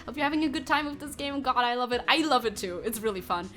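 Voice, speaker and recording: A woman's voice: fairly high pitch, lively intonation, quick pace, bright, forceful tone, faint music behind. A woman streaming a game, chatting casually with her viewers, laughing often and swearing freely. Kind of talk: casual gameplay chat with viewers.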